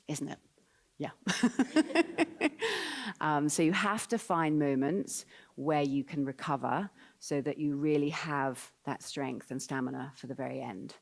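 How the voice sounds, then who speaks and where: A woman's voice: sits low, darkish tone. A woman coaching a ballet dancer in a live rehearsal. She sings the counts and gives coaxing, encouraging corrections. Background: faint piano.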